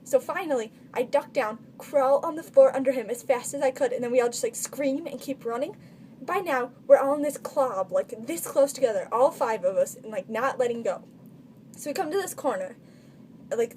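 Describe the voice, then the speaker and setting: A teenage girl chats through her funny stories for a vlog, stringing thoughts together with a constant "like." Her voice sits a little high with a mellow, soft tone. A faint background noise hums under the recording. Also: fairly quick. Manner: chatty, constant filler "like". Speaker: vlogger. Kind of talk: casual storytelling vlog.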